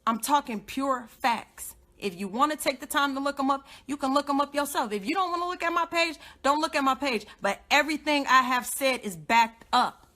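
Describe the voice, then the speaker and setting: A young woman giving an impassioned, confrontational live rant, repeating her points and swinging between loud outbursts and low muttering. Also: normal speed. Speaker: godmother and activist livestreamer.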